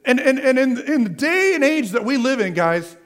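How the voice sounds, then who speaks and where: This pastor's sermon comes in a very high, sing-song voice at a moderate pace. Repetitive in manner, he asks the crowd questions and supplies the answers, returning again and again to key phrases.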